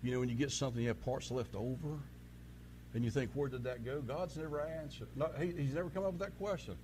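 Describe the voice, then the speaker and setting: A man preaching a sermon, telling folksy stories and swinging from quiet asides to loud preaching. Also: mid-range voice, quick pace, noisy background. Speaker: pastor.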